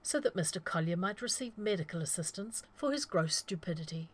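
A woman's voice: on the low side, lively intonation, fairly quick. A woman reading the lines of a polite male outlaw with wry, formal wording.

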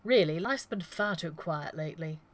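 A woman reading the lines of a sarcastic male gunslinger who talks in deadpan. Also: sits low, normal speed. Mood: sardonic.

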